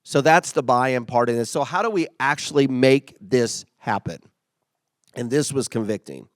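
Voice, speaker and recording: A man's voice: medium pitch, animated, moderate pace, no room sound. A middle-aged man giving a casual, conversational motivational talk as a workplace leader. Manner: conversational, acts out quoted remarks.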